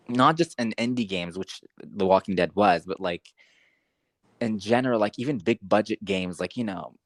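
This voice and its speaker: A young man co-hosting a podcast, talking casually with lots of fillers, rambling and getting excited. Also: on the low side, no echo. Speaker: podcast co-host. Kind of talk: casual chat.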